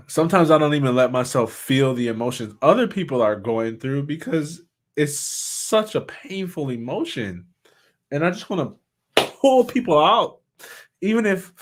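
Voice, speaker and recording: A man who is a motivational speaker, talking candidly in a reflective, halting way, often restarting his sentences. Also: mid-range voice. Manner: candid, halting, with many restarts and soft laughs. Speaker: motivational speaker and suicide survivor. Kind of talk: personal reflective talk.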